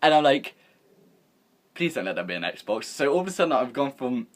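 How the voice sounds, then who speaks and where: Young man, vlogger, casual rambling storyteller, average pitch, lively and profane. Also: a little fast. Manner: rambling, animated, swears freely, acts out quotes.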